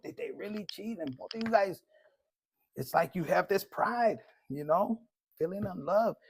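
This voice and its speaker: Husky, profane male tarot reader. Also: sits high, no echo. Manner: blunt, profane and joking, mixing in Spanish slang; reads card messages aloud slowly. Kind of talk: casual collective tarot reading.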